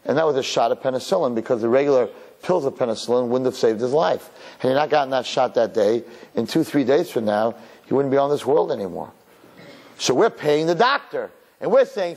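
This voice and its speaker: A man preaching a sermon as a rabbi, telling stories in an animated way. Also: medium pitch, a little fast. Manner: animated storyteller who acts out his characters.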